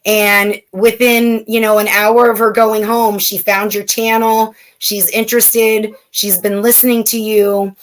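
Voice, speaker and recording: Woman guest, casual storyteller, filler-heavy, mid-pitched speaking voice. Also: flat delivery, unhurried, hardly any pauses. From California, USA. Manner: chatty, with many fillers and restarts.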